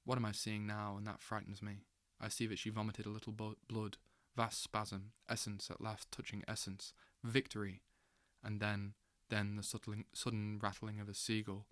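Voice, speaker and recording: A man reading a literary novel aloud as an audiobook, slow and intense, with dramatic swells. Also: on the low side, a bit bright, dry recording. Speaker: audiobook reader.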